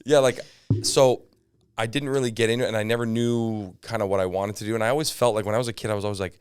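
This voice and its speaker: Comedian guest, Canadian man, rambling storyteller, resonant low voice. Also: quick pace, clean tone, no room sound, clean studio sound. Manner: animated storyteller, lots of fillers and asides. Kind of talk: casual podcast chat.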